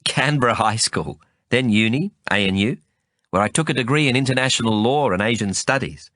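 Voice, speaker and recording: A man's voice: mid-range voice, a little fast, a bit bright, no room sound, clean studio sound, pitched above the performer's own voice, natural voice. A man voicing a composed young woman with an Australian accent, a dryly amused undercover officer, in an audiobook reading.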